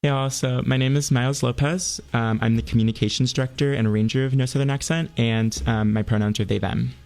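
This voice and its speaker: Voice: mid-range voice, steady tone, fast, a little mellow. A young adult student in their early twenties, an a cappella arranger chatting in an interview, hesitant and filling speech with "like". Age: around 20. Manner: hesitant, heavy use of 'like'. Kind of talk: casual interview chat.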